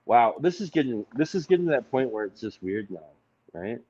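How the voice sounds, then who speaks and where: A man's voice: medium pitch, big pitch swings, fairly quick, dark tone, husky, lo-fi sound. A man hosting a casual chat, joking and rambling loosely. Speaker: host.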